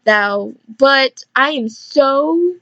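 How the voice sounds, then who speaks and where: A teenage girl hosting a student radio show, reading slowly and tripping over the words, with self-mocking asides. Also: high-pitched, lively intonation, dull audio, background noise. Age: teens. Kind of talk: reading a script in mock Shakespearean English, with bloopers.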